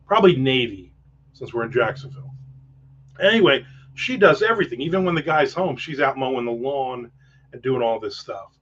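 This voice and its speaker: A man's voice: medium pitch, animated, moderate pace, fairly bright tone, slight background noise. A man hosting a casual livestream chat, rambling with profane jokes and asides. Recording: dull lo-fi sound.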